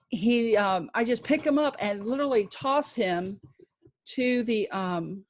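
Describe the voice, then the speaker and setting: Woman guest telling a painful personal story: slow, halting, emotional, faith-filled. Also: medium pitch. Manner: emotional, halting, with frequent restarts. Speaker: podcast guest.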